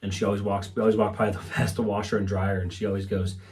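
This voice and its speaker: Low-voiced man joking through a podcast rant. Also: little pitch movement, quick pace, a little mellow. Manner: swears a lot, acts out quotes in raised mocking voices. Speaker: comedian podcast host. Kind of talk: rambling comedic monologue.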